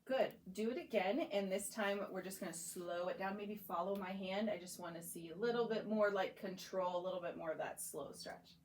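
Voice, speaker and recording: A woman's voice: medium pitch, a little fast, hardly any pauses, echoey room, slight background noise, rough recording. A young woman working as a voice clinician, patiently guiding a client through voice exercises step by step with encouragement. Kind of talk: guiding a voice therapy session. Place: clinic room.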